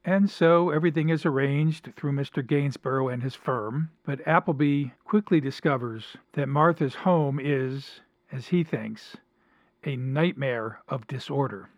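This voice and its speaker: A man hosting a talk show, reading passages from a story aloud and discussing them in a measured, dramatic way. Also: mid-range voice, no room sound. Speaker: podcast host.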